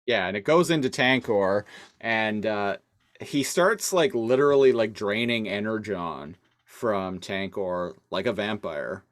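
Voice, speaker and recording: A man's voice: lowish voice, a little slow. A man co-hosting a podcast, recapping a cartoon episode in loose casual chat full of "like" and "uh". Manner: loose, filler-heavy recap with frequent "like". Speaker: podcast co-host.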